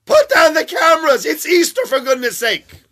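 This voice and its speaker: A man's voice: extremely high pitch, big pitch swings, normal speed, pushed and bright, pitched above the performer's own voice, exaggerated voice. A man acting out a puzzled, indignant male passerby who exclaims in disbelief. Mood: incredulous. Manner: incredulous, exclaiming.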